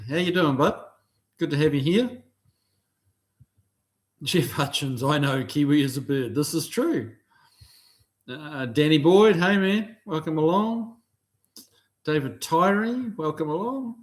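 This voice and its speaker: A man hosting a casual live stream from indoors, greeting viewers by name and chatting loosely. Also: a little high. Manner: relaxed, rambling, reads out chat comments. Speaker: livestream host.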